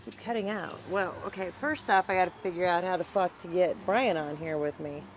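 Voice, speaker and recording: A woman's voice: on the low side, brisk, slight background noise. A woman hosting a casual live stream, teasing her guest and swearing freely.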